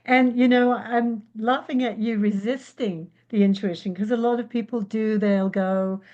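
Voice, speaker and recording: Animated woman guest telling stories. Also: on the high side, normal speed, dull audio. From England. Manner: animated storyteller, acts out quotes. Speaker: guest psychic. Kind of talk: casual interview chat.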